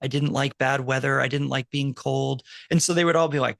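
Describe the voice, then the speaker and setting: A man, a university professor, speaking in casual conversation as an animated storyteller, full of quick asides and restarts. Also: on the high side, creaky, dry recording. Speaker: university professor and podcast co-host.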